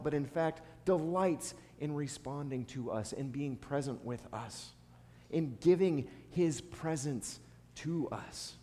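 A man giving a sermon in a conversational, storytelling way. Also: medium pitch. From United States. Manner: conversational preaching with a personal story, some restarts and soft laughs. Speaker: pastor. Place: church sanctuary. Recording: echoey church hall, faint ambience.

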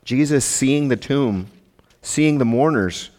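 A man's voice: mid-range voice, takes it slowly, darkish tone. A man giving a sermon as pastor, speaking conversationally with rhetorical asides to his congregation. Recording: long reverb of a large hall.

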